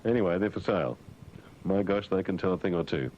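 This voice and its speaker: Male breakfast-radio host, wisecracking newsreader, lively up-and-down delivery, dull lo-fi broadcast, faint rumble behind. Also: fast talker. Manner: mocking, jokey asides, mumbled fillers. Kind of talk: comic news and chat on breakfast radio.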